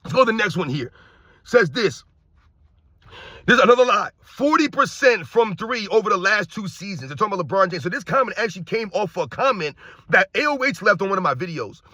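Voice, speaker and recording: A middle-aged man ranting loudly and combatively as a sports commentary YouTuber, projecting his voice. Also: high-pitched, fast, no room sound, studio quality. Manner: loud, projecting, animated, combative. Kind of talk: loud opinionated rant.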